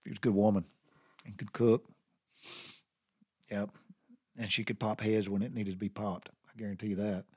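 A man's voice: lowish voice, flat delivery, normal speed, pauses often, warm tone, breathy edge, dry recording. Middle-aged Southern man, dry close sound, rambling heartfelt storyteller. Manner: rambling and heartfelt, with many restarts. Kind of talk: personal storytelling.

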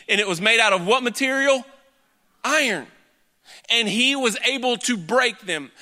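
Male pastor, high bright voice, chatty sermon delivery, long church reverb. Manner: conversational preaching with quick asides and drawn-out emphasis. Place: church hall. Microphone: handheld or headset microphone.

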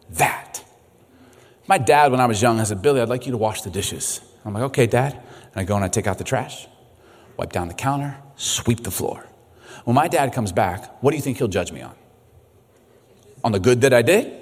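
A middle-aged male pastor preaching in a chatty, animated way, his pitch leaping around as he acts out little voices. His tone is a touch husky. The sound carries a long reverb from a large hall. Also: brisk, pauses often. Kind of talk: sermon. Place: church sanctuary.

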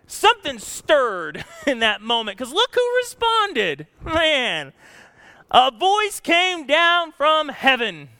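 High-voiced animated preacher. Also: male voice, clean tone, no room sound, studio quality. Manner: animated, swings from hushed to shouting, laughs often. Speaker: pastor. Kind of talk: sermon.

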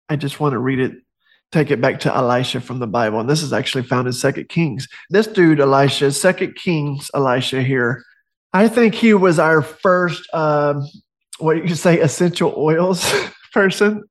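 A man giving a casual faith talk, conversational and digressive, reading passages from his own book with joking asides. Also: mid-range voice. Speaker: Christian author and speaker.

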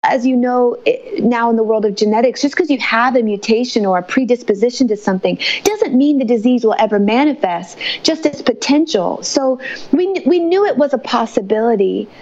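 Emotional mom talking faith in an interview, highish voice, kinda muffled sound. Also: female voice, fairly quick, a little mellow. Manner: fervent and emotional, faith-filled. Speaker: mother telling her story. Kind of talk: testimony interview.

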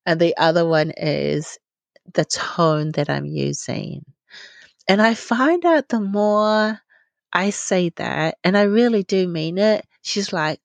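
A woman's voice: on the low side, animated, takes it slowly, creaky, dry recording. A woman in her thirties hosting a solo parenting podcast, talking candidly and laughing at herself often. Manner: candid and confiding, laughs often, self-deprecating. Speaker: podcast host. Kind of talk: reflective solo podcast talk.

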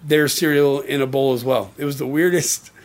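A relaxed male podcast co-host chatting casually with his partner. His pitch sits at a middle height. He often trails off quietly and throws in quick reactions. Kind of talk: casual chat.

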